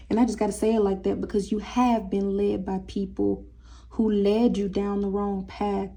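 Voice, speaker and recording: Woman tarot reader, dark gravelly tone, chatty and casual. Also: mid-range voice. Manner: chatty, breaks into singing, talks to cat. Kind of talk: casual tarot reading to viewers.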